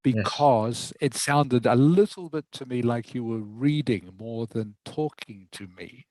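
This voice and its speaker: A man's voice: medium pitch, lively intonation, a little slow, a little mellow, dry recording, low-quality recording. A man teaching English over a video call, patiently giving feedback and often checking that his student follows. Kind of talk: online lesson feedback.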